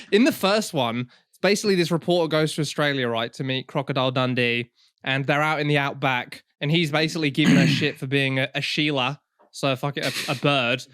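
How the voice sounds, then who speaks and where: Brief: young male podcast co-host, higher-pitched voice, crude casual storyteller, dry close mic. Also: brisk, no echo. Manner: swearing, laughing, animated storytelling.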